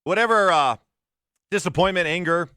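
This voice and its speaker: A man's voice: high voice, moderate pace, bright, forceful tone, clear, resonant tone, dry recording. A man in his fifties hosting sports radio in a studio, reading listener texts in a teasing, amused way. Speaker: radio host.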